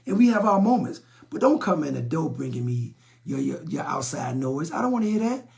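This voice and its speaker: A middle-aged man, hosting a live relationship talk stream. His voice is fairly high for a man, with a gravelly rasp. He speaks bluntly and preaches, often repeating words and stumbling over them. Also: huge pitch swings, brisk, a little mellow. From South Side of Chicago, USA. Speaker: relationship talk show host. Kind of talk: live-stream talk, reading and answering viewer comments.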